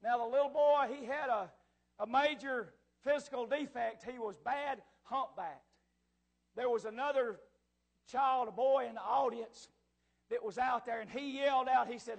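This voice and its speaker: Male pastor, fervent sermon delivery; very high pitch with a gravelly edge. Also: normal speed. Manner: fervent preaching that swells into shouts, with chuckles.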